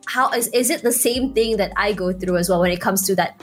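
A woman shoutcaster from Malaysia, speaking with an American-sounding accent and a naturally high-pitched voice, chatting casually as a podcast guest with lots of "you know" and "like" fillers. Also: a little fast, soft background music. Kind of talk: casual podcast chat, giving advice.

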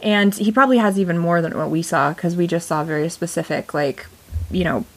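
A woman's voice: fairly low pitch, a little fast. A woman co-hosting a podcast in casual chat, rambling and searching for words with many fillers. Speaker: podcast co-host. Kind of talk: casual chat reviewing a TV series.

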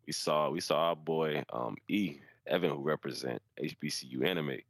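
A man co-hosting a casual podcast, telling stories in slang and quoting people in high put-on voices. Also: moderate pace, a bit bright, no room sound, clean studio sound. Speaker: podcast co-host.

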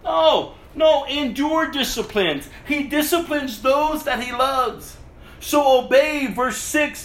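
A man delivers a lively sermon, his voice high and bright. He laughs easily and slips into mocking whiny asides. The room is echoey with a faint hum of ambience. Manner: animated, laughs often, mimics whiny voices. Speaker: pastor.

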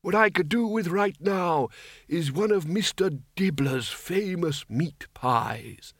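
A very old, cheerful wizard for an audiobook, his voice pitched high, thin and wavering. He talks slowly and drifts off topic, with a strained, unusual tone. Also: animated, dry recording, studio quality, heavily acted. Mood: grumbling. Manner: slow, drawn-out, wandering off topic. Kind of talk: audiobook character voice.

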